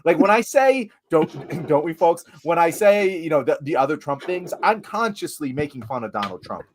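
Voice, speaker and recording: A man's voice: a little high, very animated, brisk, a little hiss or hum. A man co-hosting a podcast, talking casually with stammering restarts and frequent laughter. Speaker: podcast co-host. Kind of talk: casual chat.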